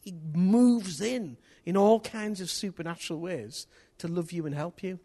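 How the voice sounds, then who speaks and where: A man preaches with a high, light voice and a storyteller's ease, tossing in casual slang. He builds to excited shouts, then drops almost to a whisper to make his point. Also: normal speed. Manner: swings from hushed to excited shouting; lively storyteller with local place names and slang. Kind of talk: sermon with storytelling.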